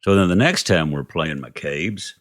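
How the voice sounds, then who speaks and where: A Texan man, appearing as an interview guest, tells casual, rambling anecdotes in a low, unhurried voice. He acts out the dialogue, recounting it with "I go" and "he goes."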